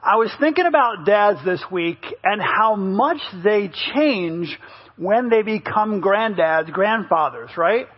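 A man's voice: high voice, animated, slow, breathy edge. A man preaching a humorous, conversational sermon as pastor, often asking the crowd "right?" in a church. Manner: playful, asks the crowd "right?". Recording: dull lo-fi sermon audio.

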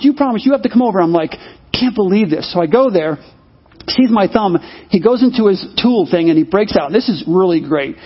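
High husky-voiced man preaching. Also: dull audio. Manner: animated storytelling, acts out quoted voices. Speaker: pastor. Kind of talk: sermon with personal stories.

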